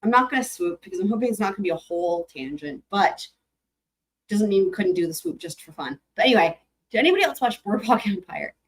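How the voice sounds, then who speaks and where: A woman's voice: medium pitch, big pitch swings, fast talker. A young adult woman hosting a livestream, chatting casually with viewers, rambling and laughing, swearing freely. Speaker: livestream host.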